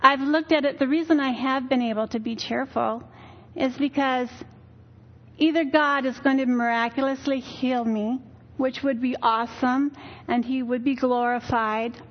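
A woman's voice: sits high, fairly even intonation, normal speed, muffled recording. An older woman giving a weary, earnest personal testimony in church, telling her story candidly. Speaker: church speaker.

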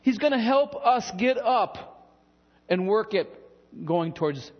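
A pastor preaching a sermon in a church in a conversational, animated way, with asides and bits of humor. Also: male voice, high-pitched, slow, in a large hall, dull audio.

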